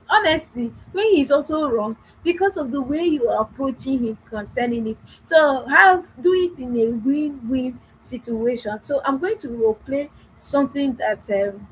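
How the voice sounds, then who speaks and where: High-voiced woman coaching wives. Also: expressive, normal speed, a little hiss or hum, rough recording. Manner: earnest, repeats phrases, acts out dialogue. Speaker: marriage coach. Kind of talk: teaching talk to wives.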